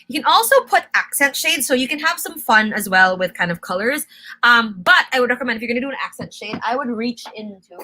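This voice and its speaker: A woman's voice: fairly high pitch, expressive, fast talker, sharp tone. A young woman hosting a live-stream makeup tutorial, explaining each step in a chatty, instructive way and answering viewer comments. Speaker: makeup brand host.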